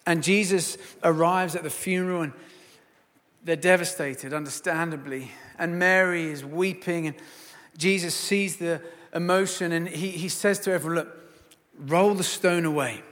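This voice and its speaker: A man preaching a sermon and telling a story, swinging from hushed to loud. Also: fairly high pitch, steady tone, moderate pace, long reverb tail.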